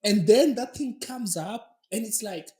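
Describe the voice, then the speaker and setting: Male podcast host, chatty storyteller with a lively, swinging pitch, recorded in a roomy space. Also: measured pace. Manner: animated, lots of filler words and laughing. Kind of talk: casual storytelling. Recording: roomy echo.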